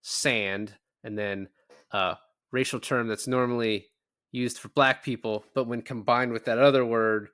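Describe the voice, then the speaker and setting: A man co-hosts a podcast, casually recapping a film, acting out quoted lines and swearing freely. His medium-pitched voice is steady, smooth and fairly bright at normal speed. The studio-quality recording has no room sound.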